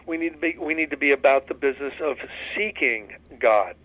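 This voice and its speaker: A man's voice: mid-range voice, fairly quick, dry recording, highs cut off. A man leading a recovery study discussion in an earnest, folksy way, with many restarts and fillers. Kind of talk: casual spoken study discussion.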